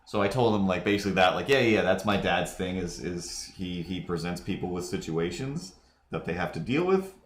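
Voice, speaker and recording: A man's voice: low-pitched, animated, moderate pace, echoey room. A man hosting a livestream, chatting casually while he draws and wandering off into long, digressive stories. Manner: rambling, digressive storyteller. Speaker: livestream host.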